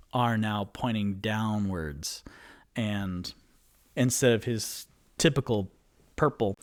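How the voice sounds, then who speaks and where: Slow, rambling male game master. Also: mid-range voice. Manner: rambling, hesitant, many fillers. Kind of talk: solo tabletop game narration.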